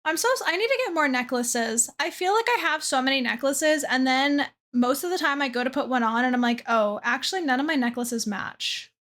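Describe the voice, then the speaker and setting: A woman's voice: sits high, a little fast, hardly any pauses, a bit bright. A young woman streamer chatting casually to her chat from a dim room at her desk, self-deprecating and trailing off with fillers.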